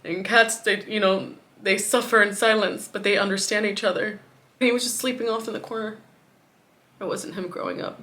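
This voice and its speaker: A woman vlogger telling a personal story in grief, swinging between hushed words and a raised voice. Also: mid-range voice, steady tone, a little fast.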